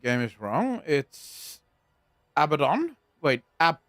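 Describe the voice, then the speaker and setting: A man's voice: medium pitch, a little slow, fairly bright tone, clear, resonant tone, no room sound. A young man streaming casually, swearing often and arguing back at his chat with exasperation.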